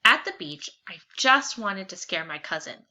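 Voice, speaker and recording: Brief: a bright-voiced woman teacher reading a picture book to kids, animated and expressive, on a lo-fi recording. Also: mid-range voice, moderate pace. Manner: warm, expressive, animated storytelling. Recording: slightly dull lo-fi with faint hiss.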